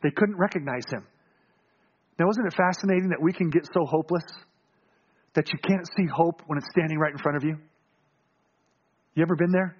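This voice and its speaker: A male pastor preaching a sermon, telling the story with animated acting-out of voices and frequent chuckles. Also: fairly high pitch, fairly quick, long pauses, breathy edge, highs cut off.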